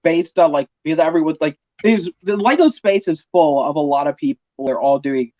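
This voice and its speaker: A man's voice: a little high, animated, moderate pace, warm tone, no echo, highs cut off. A man chatting casually on a stream, talking emphatically with lots of fillers. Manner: emphatic, filler-heavy rambling. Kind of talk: casual chat.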